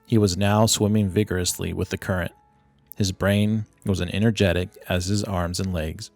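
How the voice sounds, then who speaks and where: A man narrating a classic short story as an audiobook, reading in a steady, measured way. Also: no echo. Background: low ambient music.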